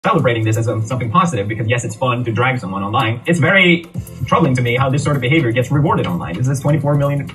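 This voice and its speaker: A man's voice: medium pitch, lively intonation, rapid-fire, a bit bright. A man giving critical, blunt commentary on a video, played from a clip. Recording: distant voice over music, played from a video.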